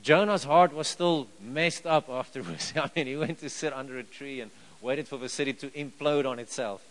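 On a rough recording, a preacher with a mid-range voice delivers his sermon at a moderate pace. His style is conversational: he poses rhetorical questions to the room and chuckles through the story.

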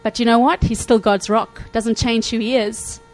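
A woman preaching a sermon to her congregation, animated, acting out Bible quotes and checking in often with her listeners. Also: fairly high pitch, normal speed, faint music behind, poor audio. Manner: animated, acts out quotes, frequent "okay?" check-ins.

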